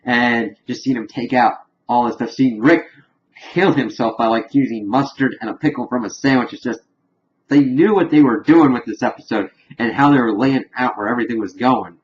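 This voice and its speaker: Male reviewer, casual rambling recap, mid pitch, muffled home audio. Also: normal speed, slight background noise. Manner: rambling, heavy use of "like". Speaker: TV episode reviewer. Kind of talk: casual spoken episode recap.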